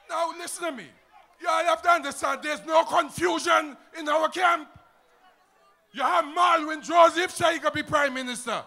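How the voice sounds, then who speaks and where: A man with an Antiguan accent giving a loud, emphatic political rally speech to a crowd. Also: very high-pitched, moderate pace, gravelly. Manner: shouting, emphatic, rousing crowd.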